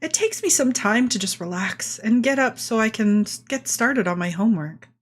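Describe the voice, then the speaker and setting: A woman reading the narration of a quiet, wry teenage boy in a game. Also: a little high, lively intonation, normal speed. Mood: reflective.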